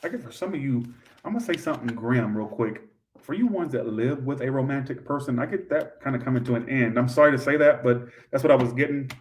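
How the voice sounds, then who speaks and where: Male tarot reader, brash and crude, middle pitch, some distance from the mic. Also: quick pace, slight background noise. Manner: blunt, swears freely, loud outbursts. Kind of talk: live tarot reading.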